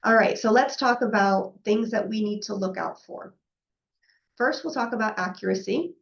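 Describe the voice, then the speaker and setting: A woman with a medium-pitched voice and gravelly fry presents a professional session at a moderate pace, keeping it chatty and conversational. She often adds "right?" and acts out quoted back-and-forth exchanges, and the recording sounds somewhat muffled and lo-fi.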